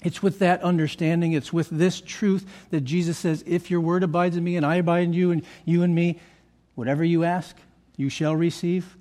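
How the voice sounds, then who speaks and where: A man preaching as a pastor, reading scripture aloud and asking his listeners questions, moving between quiet low asides and loud emphatic lines. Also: flat delivery, moderate pace. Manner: reads scripture aloud, then asks the congregation questions. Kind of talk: expository sermon.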